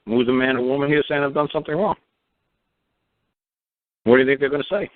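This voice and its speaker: A man's voice: mid-range voice, fast, no echo. A man from New York hosting a call-in show, firing blunt, profane rhetorical questions at a caller. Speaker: radio show host. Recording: tinny phone-line sound.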